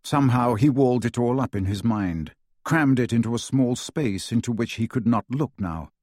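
A man's voice: medium pitch, normal speed, darkish tone, no room sound, studio quality. A man narrating an audiobook dramatically, with varied pacing.

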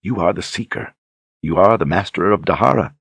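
A man voicing a soft-spoken, demure young noblewoman duchess in an audiobook, courteous and flattering. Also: sits low, fairly quick, creaky, breathy edge, no room sound, heavily acted. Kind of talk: audiobook character reading.

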